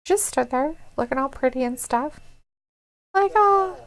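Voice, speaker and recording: A woman's voice: high voice, fairly even intonation. A woman co-hosting a wrestling watch-along stream, chatting casually, giggling often and swearing freely. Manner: giggly, swears a lot, mimics wrestlers in quick asides. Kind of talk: casual chat.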